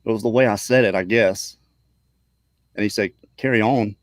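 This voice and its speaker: A man with a fairly low voice reads aloud and chats in a halting way, with frequent throat clearing and restarts. The sound is dry and close. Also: steady tone, no room sound. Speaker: podcast co-host. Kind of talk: casual chat and reading a listener story aloud.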